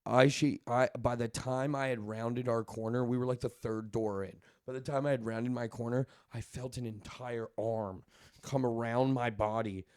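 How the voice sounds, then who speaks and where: A man's voice: medium pitch, fairly even intonation, normal speed, a little mellow, no echo, clean studio sound. Easygoing young man joking along. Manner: laid-back, laughing and joking along. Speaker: podcast co-host. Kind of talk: casual storytelling chat. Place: podcast studio. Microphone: studio microphone.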